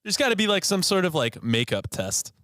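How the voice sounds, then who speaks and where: A man co-hosting a casual podcast, animated and jokey, swearing freely. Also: sits high, a little fast, no echo, clean studio sound. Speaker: podcast co-host. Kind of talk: casual chat.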